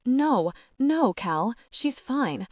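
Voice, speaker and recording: A woman performs a frightened young woman, pleading in a raised, breathless, desperate way, with heavy acting and her pitch placed above her natural voice. Her tone is a little high and a little mellow, sing-song, with drawn-out words. The recording is clean studio sound with no room sound.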